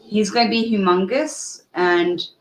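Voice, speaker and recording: A woman's voice: mid-range voice, a little slow, echoey room, low-quality recording. A woman chatting casually on a livestream at home, talking through earbuds, laughing and scolding a playful puppy. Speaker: livestream co-host.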